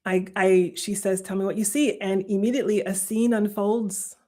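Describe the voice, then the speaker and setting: A woman's voice: medium pitch, fairly even intonation, moderate pace, mellow. Woman in her 40s-50s telling a story on a live stream, laughs a lot, quotes herself, repeats stuff for emphasis. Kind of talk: casual storytelling to a live audience.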